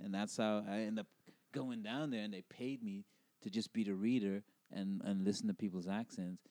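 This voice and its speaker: A man's voice: on the low side, moderate pace, no room sound. A man from the Caribbean, an actor and podcast guest, telling anecdotes in casual chat and laughing often as he talks. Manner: laughs often, animated retelling.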